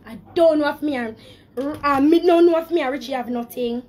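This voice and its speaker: A woman's voice: sits high, brisk, darkish tone. A woman with a Jamaican accent talking emotionally on a live stream, speaking in patois.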